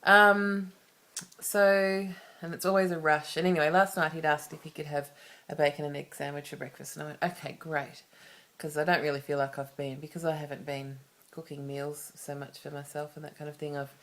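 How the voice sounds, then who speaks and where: A woman's voice: low-pitched, level tone, fairly quick, a bit bright. A woman with an Australian accent talking to camera in a personal vlog, candid and rambling, with many restarts and asides. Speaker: vlogger.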